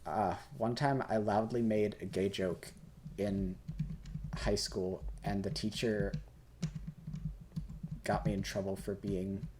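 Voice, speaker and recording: A young man, a bit drunk, talks loosely through questions while he plays, a lowish voice with a jokey, swearing ramble. Loud keyboard and mouse clicks run under everything he says. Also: noisy background. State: tipsy. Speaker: gaming host. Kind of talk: casual Q&A while playing a game.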